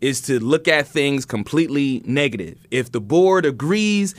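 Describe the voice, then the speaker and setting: A man's voice: medium pitch, lively intonation, normal speed, no echo. A man hosting a casual news podcast, chatty and laughing often, with many restarts.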